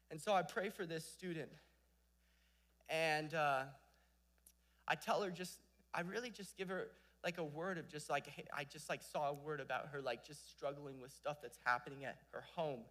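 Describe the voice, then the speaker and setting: Young guy preaching, high voice, gets loud then drops real quiet telling stories. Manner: passionate, swings between loud exhortation and hushed storytelling. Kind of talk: sermon.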